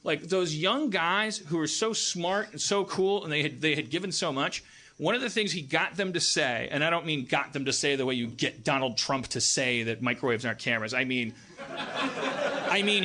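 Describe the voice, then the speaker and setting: A man hosting a talk show, telling a rambling, profane story and acting out the people in it. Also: mid-range voice. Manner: profane, animated, acts out quoted people in raised voices. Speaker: podcast host. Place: live stage.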